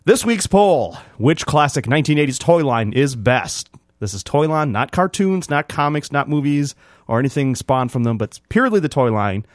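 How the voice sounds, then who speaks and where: A man's voice: mid-range voice, big pitch swings, normal speed, no echo, studio quality. A man co-hosting a podcast, announcing segments in an upbeat, announcer-like way amid casual chat. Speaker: podcast co-host.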